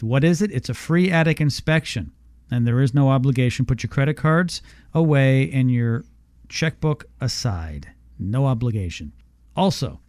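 A man hosting a radio show, pitching a free service with an upbeat sales manner and slowly repeating a phone number. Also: a little mellow, smooth, dry recording, clean studio sound. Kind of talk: radio show sponsor promotion.

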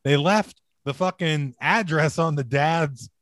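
A man's voice: a little high, takes it slowly, fairly bright tone, no echo, clean studio sound. A man co-hosting a podcast, chiming in with casual, profane comments about a film. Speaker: podcast co-host. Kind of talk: casual movie chat.

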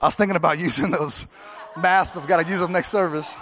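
Bright-voiced, high-pitched male pastor preaching. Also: steady tone, fast talker. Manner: emphatic, repetitive exhortation. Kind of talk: sermon. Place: church service.

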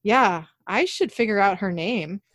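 Speaking a little slowly in a mid-range voice, a podcast host gives a lively, casual recap of a TV episode, reading the characters' lines in her own voice. It's a dry recording with clean studio sound.

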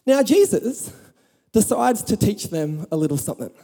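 A man pastor preaching a sermon to a congregation, telling a Bible story with humor and lively emphasis. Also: high-pitched, moderate pace, creaky, in a large hall. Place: church hall with audience.

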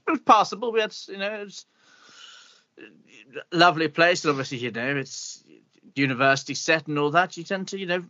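A man's voice: a little high, sharp tone, no echo, dull audio. A man playing a pompous, bitter older meteorologist with an upper-class English accent, blustering and grumbling in an improvised comedy interview. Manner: blustering, grumbling, swears mildly.

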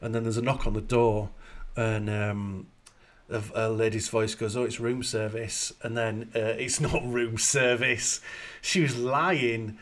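A man's voice: mid-range voice, steady tone, unhurried, fairly bright tone. A man in casual chat, retelling film scenes in a crude, jokey way as podcast co-host.

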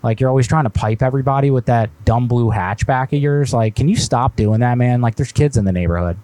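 A man's voice: medium pitch, brisk, warm tone, no echo. A man hosting a live stream and making a prank call, fake-friendly and then needling with mock offense. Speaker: prank caller, host.

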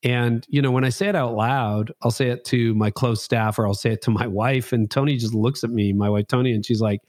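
A man in his fifties talks openly as an interview guest, reflective and a little self-mocking. His voice sits at an ordinary middle pitch. The recording is dry and close, with no room sound. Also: steady tone, a little fast, darkish tone, no echo. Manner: reflective, frank, self-deprecating storytelling. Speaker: pastor and guest. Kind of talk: candid interview conversation.

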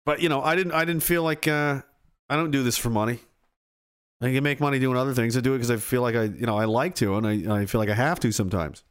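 A man from Atlantic Canada, hosting a livestream and reading chat messages. He rants with plenty of swearing, swinging between near shouting and low muttering. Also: fast talker, clean tone. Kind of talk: angry ranting livestream talk.

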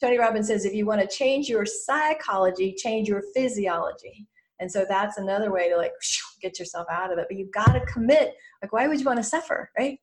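A middle-aged woman speaks as a podcast guest, mid-pitched for a woman. She talks in an animated way, slipping into little quoted voices to show her point. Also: fairly quick. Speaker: guest, mentor to business owners. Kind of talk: podcast interview.

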